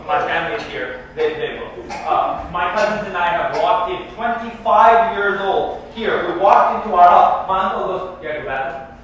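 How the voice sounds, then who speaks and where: Male lecturer, high voice, jokey and interactive with the room, recorded from a distance in a reverberant hall. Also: normal speed, few pauses, slight background noise. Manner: joking, animated, asks audience questions. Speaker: imam teaching tafsir. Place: large echoey hall. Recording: echoey hall from far off.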